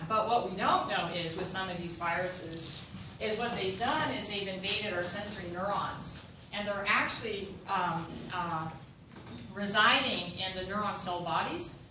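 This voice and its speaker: A woman college instructor giving a microbiology lecture, talking to her students with many fillers and restarts. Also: mid-range voice. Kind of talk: classroom lecture. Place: lecture hall. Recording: very echoey lecture hall recording from far off with room noise.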